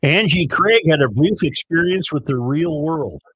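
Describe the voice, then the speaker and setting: A man's voice: a little high, animated, a little slow, fairly bright tone, husky, dry recording. A man hosting a podcast, dictating headlines and bantering bluntly with his co-hosts. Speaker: podcast host. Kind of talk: casual studio banter.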